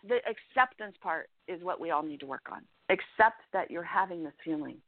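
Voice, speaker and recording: A woman life coach giving earnest, animated advice as a guest in an interview, often checking in with "right?". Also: on the low side, brisk, hardly any pauses, no room sound. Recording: dry, tinny phone-line sound.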